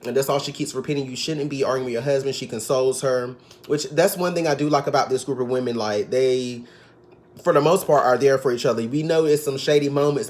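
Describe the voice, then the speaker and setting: A man giving a casual, sassy recap of a reality TV episode, gossiping and now and then mimicking the cast. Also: mid-range voice. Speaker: TV recap vlogger.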